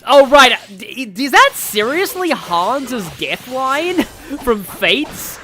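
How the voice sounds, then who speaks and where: A man's voice: very high voice, sing-song, extremely slow, hardly any pauses, sharp tone. A man giving casual, rambling, jokey commentary while playing a video game. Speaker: gaming YouTuber. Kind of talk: casual let's-play commentary.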